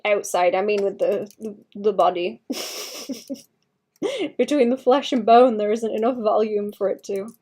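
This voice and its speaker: A young woman talks through her painting on a casual livestream, her voice sitting at an ordinary middle pitch. She thinks aloud as she works, trails off mid-sentence, restarts, and mutters little asides to herself. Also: steady tone, normal speed, darkish tone. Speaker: streamer painting live.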